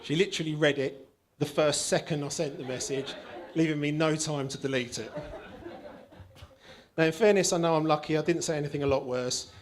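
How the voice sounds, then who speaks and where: A man's voice: on the high side, fairly even intonation, a little fast. A man giving his groom's speech at a wedding, reading a prepared text with self-mocking humour and affection. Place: wedding reception, indoors.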